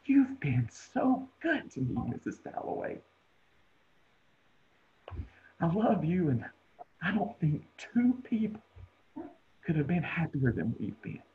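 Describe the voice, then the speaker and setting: A man's voice: a little high, big pitch swings, a little hiss or hum. A man playing a worn-out dying man, tinny. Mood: tender. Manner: soft, halting, half-whispered. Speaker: acting student. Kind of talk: dramatic monologue over video call. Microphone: video call. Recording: tinny video call audio.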